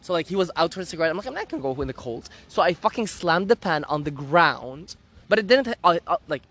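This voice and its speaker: Talking fast with a fairly high pitch, a man relays a dramatic story from his own life during casual chat. His delivery is campy and full of profanity, with laughter and acted-out quotes.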